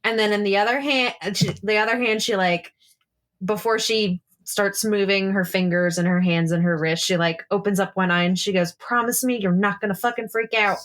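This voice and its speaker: A woman's voice: medium pitch, steady tone, normal speed. A woman narrating her character's actions in a tabletop game, rambling and swearing casually. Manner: rambling, profane, laughing often. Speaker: player.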